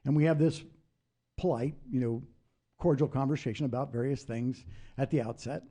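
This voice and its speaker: An older former congressman telling political stories in a casual interview, passionate and animated. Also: mid-range voice, moderate pace. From United States. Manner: animated storyteller, raises voice in retold quotes. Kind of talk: anecdotal storytelling.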